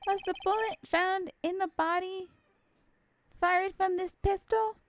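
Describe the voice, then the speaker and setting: Lady voicing a snooty prosecutor guy, super high squeaky voice, theatrical game dub. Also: fairly even intonation, measured pace, dry recording. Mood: haughty. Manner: haughty, theatrical. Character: arrogant, pompous older male prosecutor. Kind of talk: video game dub reading. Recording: game music behind.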